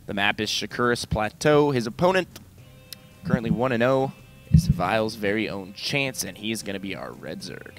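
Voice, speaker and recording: A man casting a video game match, breaking down strategy in an analytical, measured way. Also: on the low side, animated, faint music behind. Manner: analytical, measured, speaks in quick asides. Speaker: esports caster. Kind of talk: play-by-play game commentary.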